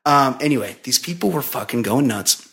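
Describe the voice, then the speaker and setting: Lively, profane man telling a story. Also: mid-range voice, moderate pace, creaky. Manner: animated, profane, rambling with many fillers. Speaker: podcast co-host. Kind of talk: casual storytelling chat.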